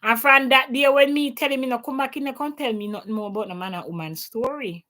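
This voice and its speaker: A Jamaican livestream host speaks a little fast in a high, bright, forceful voice from her home in Canada. During her casual opinion chat she mixes patois into English, giving her words lots of emphasis.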